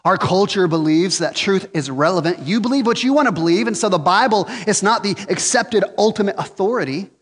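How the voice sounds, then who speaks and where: Earnest, high-voiced man preaching in an echoey hall. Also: animated, a little fast, hardly any pauses. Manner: earnest, joking, frequent restarts. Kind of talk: conversational sermon.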